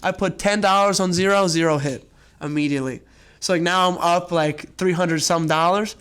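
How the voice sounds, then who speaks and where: A man's voice: high-pitched, normal speed, clean tone. A young man hosting a podcast, chatting casually and telling rambling stories. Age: young adult. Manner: rambling storyteller, animated retellings. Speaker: podcast host. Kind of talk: casual chat.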